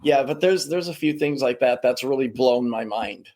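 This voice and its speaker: A man telling casual stories as a podcast guest, lively and full of voices for the people in them. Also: mid-range voice, moderate pace. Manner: animated, does voices of people in his stories. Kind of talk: casual storytelling.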